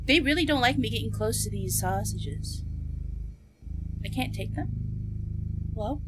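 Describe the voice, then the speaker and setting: A woman's voice: on the high side, expressive, measured pace, heavy background noise. A young woman streaming a horror game, nervously talking to herself and her chat as she explores. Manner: jittery and talkative, asking the game questions. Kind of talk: live-streamed gameplay commentary.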